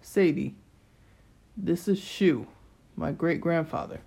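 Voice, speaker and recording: A woman voicing a calm, patient young male god in an audiobook. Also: low voice, slow, creaky, breathy edge, heavily acted.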